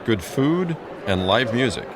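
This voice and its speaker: A man's voice: mid-range voice, big pitch swings, a little slow, a loud crowd, very noisy. Man narrating a school podcast. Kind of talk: scripted narration.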